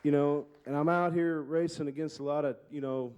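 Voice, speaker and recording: A man's voice: on the high side, fairly even intonation, brisk, a little mellow, clean tone, lo-fi sound. A middle-aged man, a monster truck driver, telling candid, heartfelt stories in an award acceptance speech.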